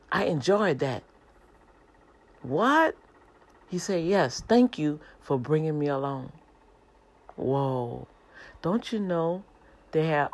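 Low-voiced woman preaching casually. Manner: conversational, animated, addresses listeners as y'all. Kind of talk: informal preaching broadcast.

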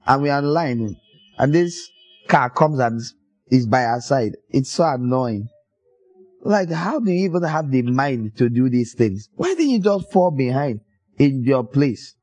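A man preaching a sermon, telling stories in an animated way and acting out the people in them. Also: mid-range voice, no room sound, poor audio. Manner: animated storytelling, acts out voices with laughter.

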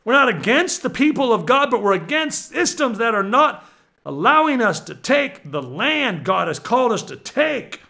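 A man preaching with excitable energy, swinging from low murmurs to shouted exhortations. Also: normal speed, gravelly.

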